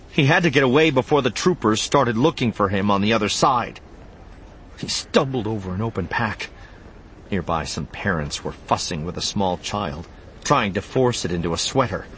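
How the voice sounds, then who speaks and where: A man's voice: on the low side, expressive, moderate pace, a bit bright, a little hiss or hum. A man narrating an audiobook expressively, voicing the character lines too.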